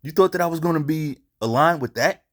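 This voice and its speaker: A man's voice: fairly high pitch, brisk, a bit bright. A man hosting a casual commentary show, speaking bluntly and profanely and repeating himself for emphasis. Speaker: commentary channel host.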